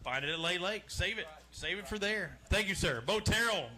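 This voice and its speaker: A man's voice: high voice, lively intonation, normal speed, bright, forceful tone. A man hosting a live outdoor fishing weigh-in, joking and chatty as he calls out names and weights. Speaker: weigh-in emcee. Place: outdoor lakeside weigh-in stage.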